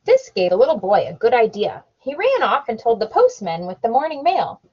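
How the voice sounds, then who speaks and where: A mother reads a picture book aloud to her child at home, with a husky, breathy voice. Her delivery is lively, with her pitch rising and falling a lot. The recording is dull and lo-fi. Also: a little fast. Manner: animated storybook reading with sound effects. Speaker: parent reading to her child.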